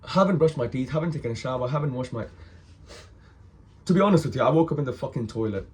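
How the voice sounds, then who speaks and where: A hungover man tells a story straight to the camera, loose and animated, dropping swear words everywhere. His voice sits at an ordinary middle pitch, and he keeps jumping in to act out what other people said. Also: quick pace. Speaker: vlogger telling a story. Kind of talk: casual storytelling monologue.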